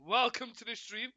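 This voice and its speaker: A man calls a football match live for his stream audience, a little croaky from a cold. His voice sits high and sounds very bright and edgy. The sound is close and dry, with no room around it. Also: no room sound. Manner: chatty, greets viewers often, corrects himself. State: slightly croaky, coming down with a cold. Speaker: football watchalong host. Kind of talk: live football play-by-play commentary.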